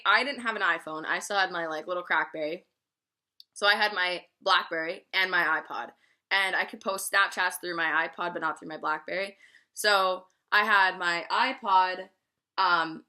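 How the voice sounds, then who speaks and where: A woman in her twenties telling a casual storytime vlog, swearing often and laughing as she goes. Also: lowish voice. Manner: profane, animated storytelling with frequent laughs. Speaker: vlogger.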